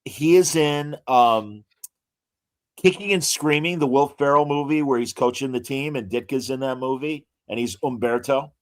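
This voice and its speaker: A man co-hosts a podcast in a relaxed chat, full of enthusiasm, trivia, and fillers. His voice is mid-range and his speed normal.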